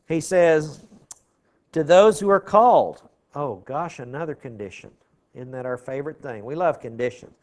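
Working through the Bible verse by verse, a male teacher explains word meanings and regularly checks in with his class. His voice is a little high and a bit bright, and he clears his throat and keeps asking "okay?"

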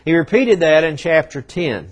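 A man preaching a sermon, emphatic, with dramatic pauses and swings in loudness, acting out quoted prophets in a conversational voice. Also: fairly high pitch, very animated. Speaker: pastor.

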